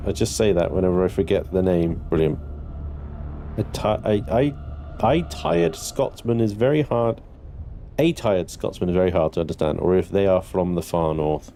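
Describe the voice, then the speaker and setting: A man's voice: moderate pace, pauses often, warm tone, a little hiss or hum. A young adult man from Britain casually chatting with viewers during a game livestream, laughing often and swearing freely. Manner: chatty, swearing, laughing, mock-indignant high squeals. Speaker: gaming livestreamer.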